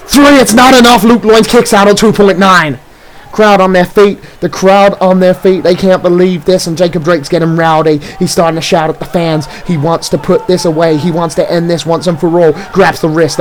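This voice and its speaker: A man calling a wrestling match play by play, shouting out near-falls and big moves. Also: high voice, steady tone, rough recording. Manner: rapid move-by-move calls, shouting near-falls. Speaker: play-by-play commentator. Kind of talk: excited wrestling commentary.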